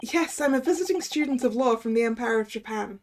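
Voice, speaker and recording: A woman's voice: a little high, lively intonation, a little fast, darkish tone, slight background noise, natural voice. Woman reading a polite young lawyer. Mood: polite, nervous. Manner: polite, hesitant. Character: polite young male Japanese defense lawyer.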